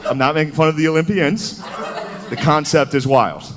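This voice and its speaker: A man's voice: a little high, moderate pace. A man doing a live stand-up routine, talking in a loose, profane, conversational way and calling the crowd "dude.". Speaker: stand-up comedian. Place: live comedy venue on stage. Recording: noisy live stage recording.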